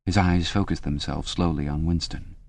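A man giving scripted audiobook narration in an even, measured reading. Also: sits low, vocal fry, dry recording.

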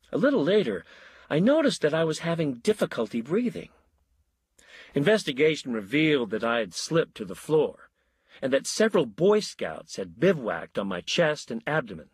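A man narrating a story in a wry, measured way. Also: mid-range voice, slightly rough, dry recording. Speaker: audiobook narrator. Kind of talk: scripted narration.

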